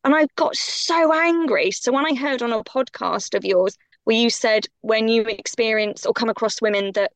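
Woman, podcast guest, emphatic, impassioned, gravelly fry, dead dry sound. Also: on the high side, moderate pace, few pauses, no room sound. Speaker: guest coach. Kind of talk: podcast conversation.

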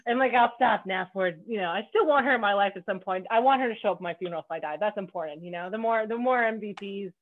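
A woman's voice: mid-range voice, fast talker, few pauses. A woman from Canada hosting a podcast in casual chat, bubbly and joking, swearing freely. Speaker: podcast host. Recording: phone-like narrow band.

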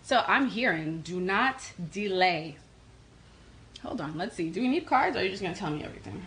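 A woman from New York with a New York accent, hosting a casual tarot livestream and answering comments in a quick, energetic way. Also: mid-range voice, slight background noise, low-quality recording. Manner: fast-talking, energetic, reads comments aloud. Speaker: livestream host doing tarot readings.

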